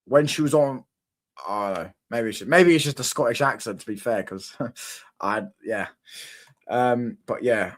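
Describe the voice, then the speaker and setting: A man's voice: medium pitch, unhurried. Young man, rambling stream chat. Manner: rambling, slangy, repeats himself, laughs often. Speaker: livestream host. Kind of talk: casual livestream chat reacting to viewer comments.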